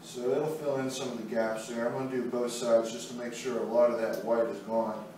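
A man's voice: mid-range voice, steady tone, fairly quick, mellow. A man walking through a painting demonstration step by step, in an easygoing way while he works. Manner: easygoing, talks while working. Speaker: art instructor. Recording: very echoey room, mic far off, faint noise.

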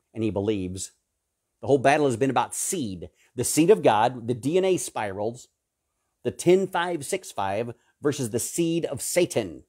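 A man preaching a sermon, fervent and emphatic, swinging between loud peaks and low hushed stretches, repeating and listing words for emphasis. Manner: repetitive, emphatic lists.

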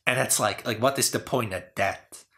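A man's voice: mid-range voice, moderate pace, fairly bright tone. A man hosting a casual talk about game design, rambling with lots of "you know" and "like". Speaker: channel host.

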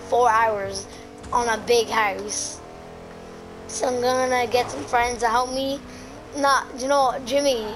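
A woman's voice: fairly high pitch, rough recording. A woman talking casually and ramblingly over her gameplay, loose and offhand, with the odd swear word. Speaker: gaming video creator. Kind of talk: casual gaming commentary.

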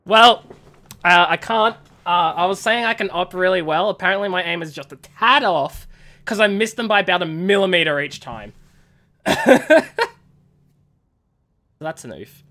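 An Australian streamer chatting casually while gaming, animated and avoiding swear words. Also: medium pitch, a little fast. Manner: animated, swaps swears for "fudge".

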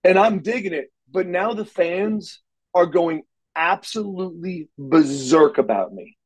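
Animated man telling wrestling stories. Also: high-pitched, measured pace, low-quality recording. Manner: animated storyteller acting out dialogue, frequent restarts. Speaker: interview guest, former wrestler. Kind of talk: casual storytelling interview.

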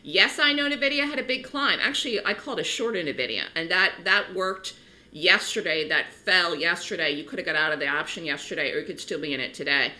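A middle-aged woman, a trading educator, giving a direct-to-camera market talk in an emphatic, animated way. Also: brisk, poor audio. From New York City. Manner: animated, emphatic, rising pitch on key points.

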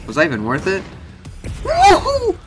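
A young man giving let's-play commentary, excitable, swearing a lot and yelping and shouting when his character takes hits. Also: mid-range voice, measured pace, over music. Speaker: gaming YouTuber.

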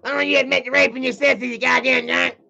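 A man voicing a bratty, scolding cartoon boy in a whiny, bossy, fast voice. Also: extremely high pitch, level tone, vocal fry, sharp tone, pitched above the performer's own voice, heavily acted. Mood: mocking. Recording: dull lo-fi stream audio.

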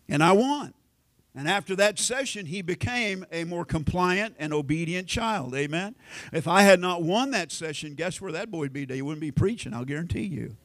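A middle-aged American pastor preaching a sermon in a folksy storytelling way, acting out family conversations. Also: male voice, sits high, animated, normal speed, fairly bright tone. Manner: folksy storytelling, acts out quoted family lines.

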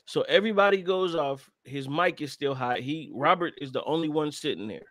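Fairly high-voiced guy on a podcast, super animated, cussing, dry close mic. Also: brisk, no room sound. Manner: animated, swears, acts out quotes loudly. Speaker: podcast co-host. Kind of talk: casual chat recapping a documentary.

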